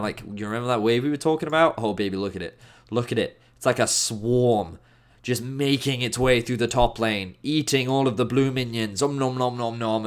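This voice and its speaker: A man giving an animated, emphatic game review commentary as an esports analyst, with playful asides. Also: medium pitch.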